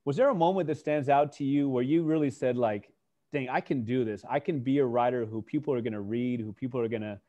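A man's voice: mid-range voice, brisk, dull audio. Enthusiastic male podcast host. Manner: warm, enthusiastic, effusive praise. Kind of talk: casual interview chat.

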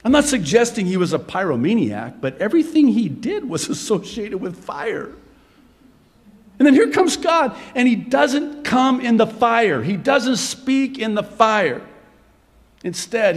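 A man preaching a sermon in an animated way, dropping to a whisper for dramatic effect. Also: fairly high pitch, measured pace, big-room sound. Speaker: pastor.

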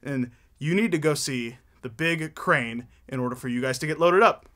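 A man's voice: fairly high pitch, moderate pace, fairly bright tone, voice pushed down, natural voice. A man voicing a bossy male truck yard boss who barks orders in a kids' church story. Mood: commanding. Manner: barking orders.

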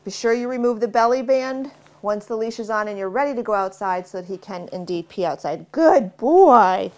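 A middle-aged woman dog trainer explaining basic commands in a relaxed, instructional way while working with a dog. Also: brisk. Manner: relaxed explaining, cheerful high praise to the dog. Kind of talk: instructional demonstration.

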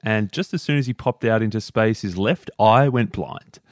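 A man's voice: on the low side, normal speed, no room sound, studio quality. A man co-hosting a podcast, retelling anecdotes in an easygoing, casual way. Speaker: podcast co-host. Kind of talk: casual book discussion.

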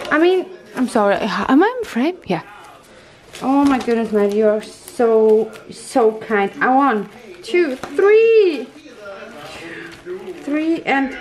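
High-voiced woman gushing over gifts. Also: very animated, takes it slowly, long pauses, a crowd in the background. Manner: gushing, gasping, effusive thanks. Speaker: craft vlogger opening mail. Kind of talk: casual unboxing chat.

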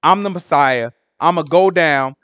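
A man voicing a calm male teacher who explains his coming death in laid-back, matter-of-fact slang. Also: fairly high pitch, a little slow, no echo, dull audio, pitched below the performer's own voice.

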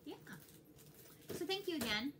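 A young woman with a Texas accent, chatting casually and excitedly to her viewers as a cross-stitch vlogger. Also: high voice, unhurried, background noise. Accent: Texan. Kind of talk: casual chat to camera.

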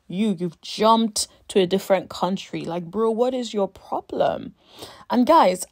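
A woman's voice: medium pitch, a little mellow, dry recording, studio quality. A woman giving a casual, emphatic review of a reality show, talking straight to the cast with exasperated asides. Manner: exasperated asides, calls people honey and sis.

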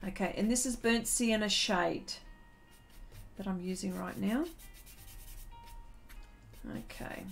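Aussie lady painting on a stream, slow and giggly, reads chat out loud. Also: mid-range voice, gravelly, soft background music. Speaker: artist hosting a live painting stream. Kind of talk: casual live-stream chat while painting.

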